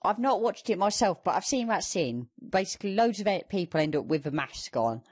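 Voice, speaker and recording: With a high, very animated voice and a brisk delivery, this young gaming-podcast co-host keeps up casual banter. He rambles, leans heavily on filler words, and lets plenty of sarcasm through.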